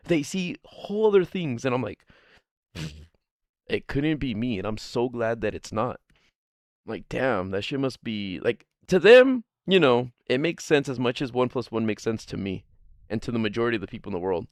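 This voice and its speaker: A man's voice: medium pitch, dry recording, clean studio sound. A man streaming a casual chat, rambling and swearing freely, laughing often.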